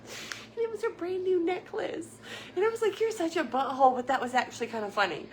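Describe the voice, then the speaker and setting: A woman's voice: extremely high pitch, very animated, fairly quick, a little hiss or hum. A woman hosting a casual livestream, chatting with viewers and telling stories with frequent laughter. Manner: chatty, storytelling, laughs often. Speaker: livestream host.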